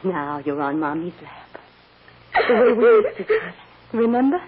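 A woman playing a devoted mother who softly soothes and coaxes her child, in 1940s radio acting on a dull old radio recording with hiss. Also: lowish voice, very animated, moderate pace. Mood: soothing. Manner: soft, soothing, coaxing.

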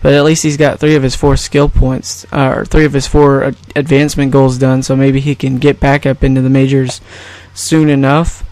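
A man's voice: mid-range voice, little pitch movement, normal speed, few pauses, a little mellow, dry recording. A man giving casual, rambling and jokey commentary over a baseball video game. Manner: rambling, jokey, self-correcting. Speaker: gaming YouTuber.

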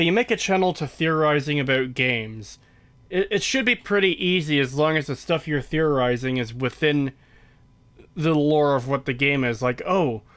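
A man hosting a casual stream chat, dry and measured, steering the talk along. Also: medium pitch, a bit bright.

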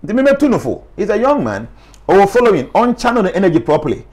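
A man with a Ghanaian accent, speaking as a life coach in an animated interview and mixing English with Twi phrases. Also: high-pitched, fast talker.

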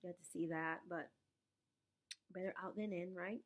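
A woman's voice: on the low side, steady tone, moderate pace, lo-fi sound, very noisy. A woman, vlogging at home after surgery, tired and sore, emotional and apologetic as she rambles. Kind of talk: casual personal vlog.

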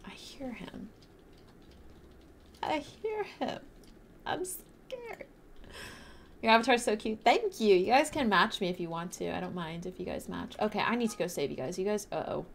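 A young woman streaming a game live, chatting bubbly with her viewers and teammates and bursting into loud shrieks. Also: mid-range voice, animated, fast talker, creaky, hardly any pauses, noisy background. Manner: talks to chat and teammates while playing.

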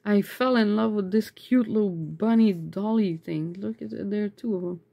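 A woman chatting casually as she unboxes sticker mail, excitable and chatty, breaking into high squeals over cute things. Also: moderate pace, creaky, dull audio. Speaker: vlogger.

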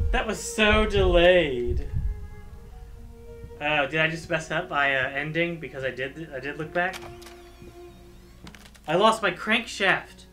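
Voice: mid-range voice, pushed and bright. A gaming streamer giving jumpy, joking commentary on a horror game. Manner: jumpy, exclaiming, joking at the screen. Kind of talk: let's play commentary.

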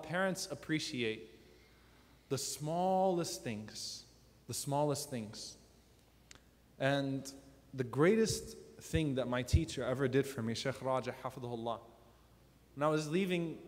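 A man preaching to a youth conference, telling personal stories earnestly and dropping to a hushed voice for emphasis. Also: medium pitch. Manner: drops to a soft, hushed voice for emphasis. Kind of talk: emotional sermon. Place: large conference hall. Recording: long hall reverb.

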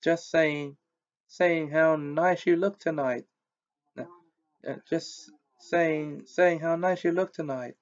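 A man's voice: fairly high pitch, fairly even intonation, slow, pitched above the performer's own voice. A man voicing a sly, taunting male poltergeist in a storybook reading, on a dull lo-fi recording.

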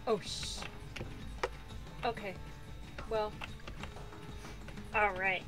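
A woman giving excitable, self-deprecating gameplay commentary and voice-over narration, swearing now and then. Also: mid-range voice, drawn-out words, music in the background. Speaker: gaming YouTuber.

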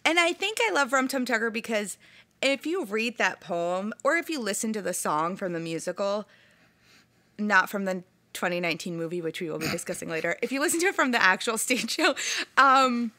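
A woman's voice: medium pitch, lively intonation, moderate pace, bright, forceful tone. A woman co-hosting a podcast, chatting casually and playfully, mimicking voices as she jokes. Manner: playful, mimics cat voices with big swoops. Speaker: podcast co-host. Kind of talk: casual chat.

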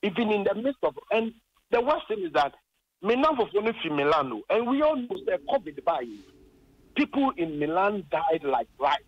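A man's voice: high voice, sing-song, normal speed, no room sound, lo-fi sound. A Ghanaian man, a former district chief executive, calls in to a radio program and complains at length, impassioned and indignant as he retells his arguments.

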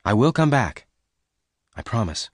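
A man performs the voice of an earnest young frontiersman who speaks reassuringly, raising it above his natural pitch. The delivery is medium-pitched with big pitch swings and a little slow, recorded dry in studio quality.

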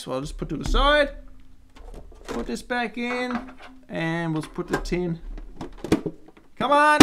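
Canadian vlogger, casual pack-opening commentary, bright tone, big pitch swings, gets excitable on good pulls. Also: a little hiss or hum. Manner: lively running play-by-play, lists card names. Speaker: card collector vlogger.

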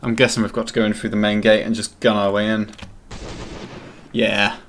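A man's voice: fairly low pitch, level tone, moderate pace, a bit bright, slight background noise. Man chatting through a game. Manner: chatty, playful, talks to game characters. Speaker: gaming channel host. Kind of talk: casual gameplay commentary.

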